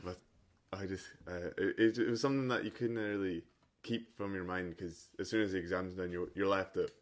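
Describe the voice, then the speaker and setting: A man's voice: deep voice, fairly even intonation. A young man, a butcher recalling his start in an easygoing way, stumbling over words and restarting. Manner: stumbling, with quick bursts and restarts. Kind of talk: casual interview recollection.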